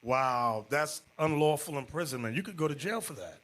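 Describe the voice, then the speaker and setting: A man teaching as bishop, telling stories to a class and swinging into loud, shouted points. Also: a little high, expressive, moderate pace. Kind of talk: animated class sermon.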